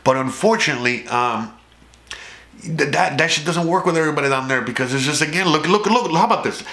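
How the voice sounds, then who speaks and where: A man's voice: a little high, a little fast, a bit bright. A man from South Florida, a vlogger, ranting casually to camera in a rambling, profane way and often restarting his sentences. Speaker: YouTube vlogger. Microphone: camera mic. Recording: roomy echo.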